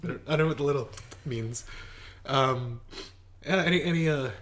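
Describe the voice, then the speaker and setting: A man's voice: mid-range voice, normal speed, a bit bright, slight background noise. A man co-hosting a casual podcast, teasing his friend with crude, sarcastic jokes. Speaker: podcast co-host. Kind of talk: casual joking chat.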